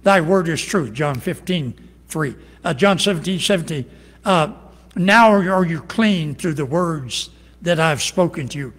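High bright preacher guy, sermon in a big echoey hall. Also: a little slow, husky. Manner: animated preaching, quoting scripture in rising bursts. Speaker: pastor.

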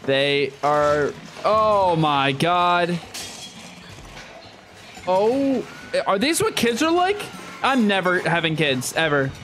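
Lively, excitable young man streaming a game. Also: sits high, takes it slowly, soft background music. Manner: swearing, reactive, jumpy outbursts. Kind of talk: live gameplay commentary.

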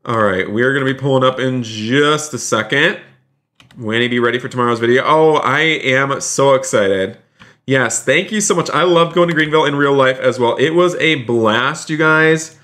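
A man live-streaming a roleplay game, excitedly narrating each move to his viewers and often repeating himself. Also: mid-range voice, moderate pace. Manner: repeats phrases, keeps saying "you guys".

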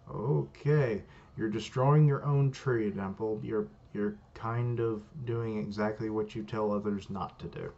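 A man's voice: fairly low pitch, unhurried, darkish tone. A man reacting live to a manga chapter as he reads, with casual, wry commentary. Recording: muffled lo-fi recording.

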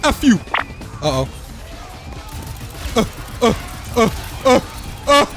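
A young man giving excitable, trash-talking commentary while playing a shooter game, repeating himself as he plays. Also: very high voice, slow, over music. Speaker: gaming streamer. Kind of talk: live gameplay commentary.

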